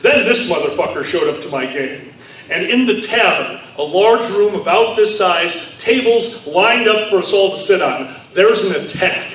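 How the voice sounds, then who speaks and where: A man hosting a live panel, telling stories in an animated way and shouting out the quotes he acts. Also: high-pitched, moderate pace. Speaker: podcast host. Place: large convention room. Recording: echoey convention hall, mic far off.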